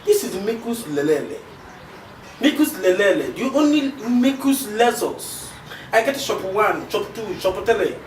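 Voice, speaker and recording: A man's voice: high voice, big pitch swings, unhurried. An actor with a Nigerian accent playing a boastful, pushy rich man who flirts in pidgin. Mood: coaxing. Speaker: wealthy suitor. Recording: roomy, from far off, faint hiss.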